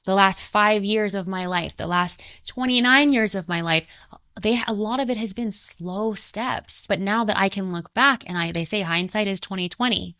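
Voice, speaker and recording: A woman's voice: mid-range voice, normal speed, a bit bright, no echo. A woman in her twenties speaks in an earnest, conversational spiritual talk, pressing her points through emphatic repetition. Her voice sits in a middle range for a woman. The recording is dry, with no room sound around her. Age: 20s.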